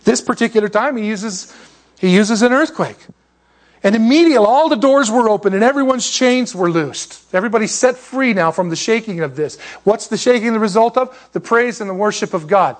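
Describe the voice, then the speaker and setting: High-voiced preacher, animated and jokey. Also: male voice. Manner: animated, jokey storytelling with laughs. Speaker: pastor. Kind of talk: sermon.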